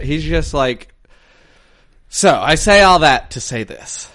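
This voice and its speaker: A man's voice: medium pitch, moderate pace, fairly bright tone. A man co-hosting a podcast, telling rambling, profane stories in casual chat. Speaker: podcast co-host.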